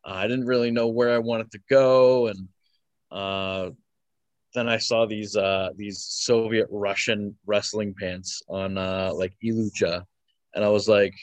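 A young man with a lowish voice talks through his answers casually, stopping often on fillers and chuckling now and then. The sound is dry and close, with no room around it. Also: level tone, measured pace, no echo. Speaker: wrestler guest.

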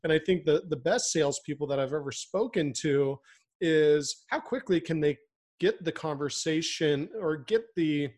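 A fairly high-voiced man co-hosting a business podcast. He talks in a loose, conversational way and breaks into lively mimicry of customers. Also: moderate pace. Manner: animated, acts out customer voices. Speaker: podcast co-host. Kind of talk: casual chat.

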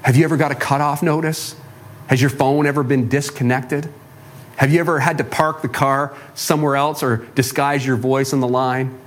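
A man's voice: mid-range voice, fairly even intonation, moderate pace. A pastor preaching a sermon in a conversational way, asking his listeners rhetorical questions and joking at his own expense. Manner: self-deprecating humor.

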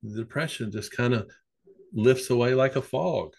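A man's voice: medium pitch, moderate pace, gravelly, husky. Rambling, storytelling male therapist. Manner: rambling storyteller, lively anecdotes. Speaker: psychotherapist guest. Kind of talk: casual podcast conversation.

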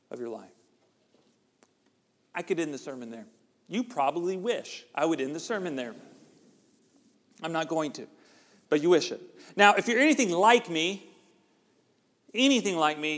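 A middle-aged man, preaching a conversational sermon that jokes with the congregation. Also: a little high. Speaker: pastor. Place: church sanctuary. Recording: long hall reverb.

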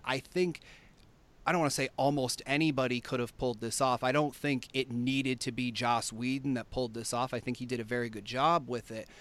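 A man hosting a casual podcast with a smooth, resonant voice. He talks things through thoughtfully, hedging with fillers as he goes. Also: mid-range voice, a bit bright. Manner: thoughtful, many fillers and hedges. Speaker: podcast host.

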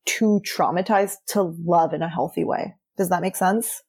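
A young woman with a slightly low voice talks candidly as an interview guest. She is earnest and chatty, with frequent "like" fillers, and her pitch sits a little under the usual range. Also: steady tone, moderate pace, a little mellow, husky. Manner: chatty, earnest, says "like" often. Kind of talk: candid personal storytelling.

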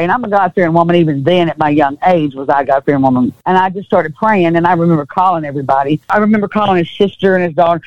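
A woman's voice: lowish voice, no room sound, highs cut off. A woman with a Southern US accent, an interview guest telling a personal story in earnest, acting out what people said and often repeating herself.

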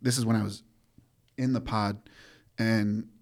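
Man, low voice, lively storyteller for a casual podcast chat. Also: unhurried. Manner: animated storyteller, acts out quotes. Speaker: guest, former corrections officer.

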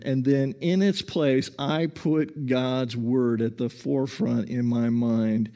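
Man, pastor, sermon, slow and deliberate, calm and earnest, small restarts. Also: medium pitch. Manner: calm, earnest preaching with repeated "listen" and slow emphasis; frequent small restarts and stammers.

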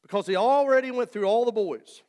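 A man's voice: very high-pitched, fairly quick, darkish tone. A man preaching a sermon in a church, talking to the congregation in a conversational way and joking with them. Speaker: pastor. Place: church sanctuary. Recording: long reverb of a church hall.

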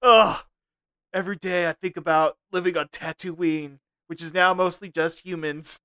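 A man's voice: high-pitched, steady tone, moderate pace, bright, forceful tone, clear, resonant tone, dry recording, studio quality. A man voicing a troubled male alien junk dealer in an odd, British-sounding put-on accent, as a comedy podcast bit. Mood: brooding.

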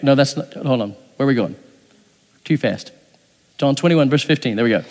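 A man's voice: fairly high pitch, lively intonation, brisk, big-room sound. A man preaching a sermon as pastor, reading scripture aloud and acting out the dialogue in changing voices. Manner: acts out dialogue with shifting voices.

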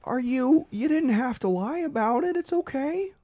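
A man's voice: extremely high pitch, animated, normal speed, a little mellow, a little hiss or hum, pitched above the performer's own voice. A flustered, fussy middle-aged man, as a game master puts him on, stammering and doting. The voice sits well above his usual talk and keeps fluttering up and down.

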